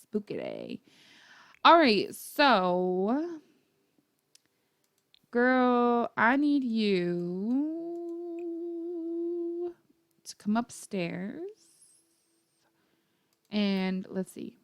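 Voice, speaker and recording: A woman's voice: on the high side, lively intonation, extremely slow, pauses often, dry recording. A young woman chatting casually through her gameplay, rambling and full of fillers. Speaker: gaming YouTuber.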